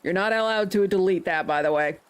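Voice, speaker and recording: A woman livestreamer in casual chat with her viewers, playful and quick to laugh, with mock-indignant teasing. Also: lowish voice, clear, resonant tone.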